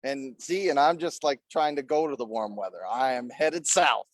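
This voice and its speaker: A man from Minnesota co-hosting a casual podcast chat, upbeat and quick to laugh, talking from an airport. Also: mid-range voice, dry recording. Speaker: podcast co-host.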